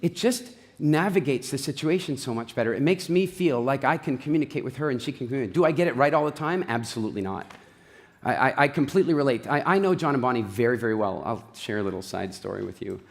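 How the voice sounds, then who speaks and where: Man giving a lively stage talk. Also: medium pitch, gravelly. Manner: animated storytelling, acts out quotes, then slow guided relaxation. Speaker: speaker on stage. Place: large hall with audience. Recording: long hall reverb.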